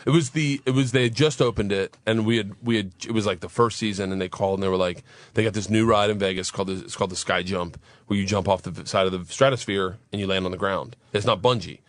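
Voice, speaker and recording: Man, thirties, radio talk show storyteller, animated, profane, dry studio mic. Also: fairly low pitch, fast, dry recording. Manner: animated, swearing, acts out voices in his stories. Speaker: guest storyteller.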